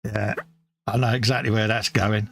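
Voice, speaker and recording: A man's voice: lowish voice, little pitch movement, normal speed, creaky. A middle-aged man with a London accent, co-hosting a live hobby stream in easygoing, self-mocking chat. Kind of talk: casual banter.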